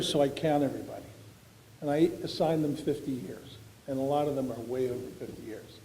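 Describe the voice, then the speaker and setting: A man's voice: mid-range voice, mellow, a little hiss or hum. A man, giving an after-dinner award speech full of folksy, self-deprecating anecdotes. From Philadelphia. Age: 70s. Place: large banquet hall. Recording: echoey banquet hall recording.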